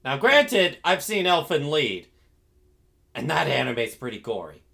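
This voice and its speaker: A man chatting casually with friends on a stream. His voice is bright and lively, and he trips over his words as he restarts sentences. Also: fairly high pitch, a little slow, creaky. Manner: restless, stumbles over his words, laughs easily. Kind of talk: casual chat.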